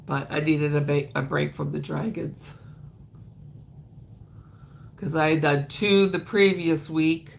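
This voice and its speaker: A stuffed-up, nasal woman rambles through a casual crafting livestream and greets her viewers by name. Her voice has a gravelly, fried edge, and a faint hiss sits under it. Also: sits low, level tone, slow, pauses often. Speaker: crochet livestream host.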